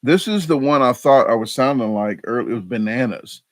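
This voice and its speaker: A male live stream host chatting casually and poking fun at himself. He restarts his sentences often and fills the gaps with ums. His voice is mid-pitched, and the sound is dry and close. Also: animated, brisk, no room sound. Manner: rambling, self-deprecating, frequent fillers and restarts.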